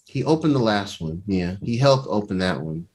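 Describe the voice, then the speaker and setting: A man in casual podcast chat, retelling a show scene by scene. His voice swings widely in pitch as he jumps into the characters' lines, and his tone stays loose and conversational. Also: normal speed. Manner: animated storytelling, acting out characters' lines. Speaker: podcast co-host. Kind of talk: casual chat recapping a TV episode.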